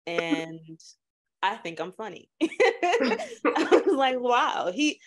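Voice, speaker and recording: A woman from Chicago co-hosting a movie podcast, telling animated stories in casual slang. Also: sits high, extremely slow. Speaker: podcast co-host. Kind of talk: casual chat.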